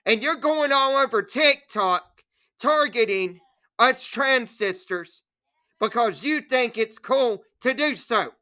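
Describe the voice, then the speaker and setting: Woman activist, slow deliberate rant, tense bright voice, repetitive and scolding. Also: a little high, animated. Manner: indignant, repetitive, scolding trolls. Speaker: trans rights activist. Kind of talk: direct-to-camera rant.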